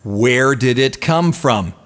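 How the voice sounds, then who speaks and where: A chatty male radio host spinning quick rock anecdotes and ribbing his co-host. His voice sits at a middle pitch. It carries a long, hall-like reverb. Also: animated, a bit bright. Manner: chatty storyteller, playful teasing. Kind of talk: casual radio chat.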